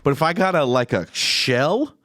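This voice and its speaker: Man, podcast co-host, rambling crude banter, lively swinging pitch, dry close sound. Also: moderate pace, no echo. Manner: rambling, crude, many restarts. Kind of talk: casual comedic banter.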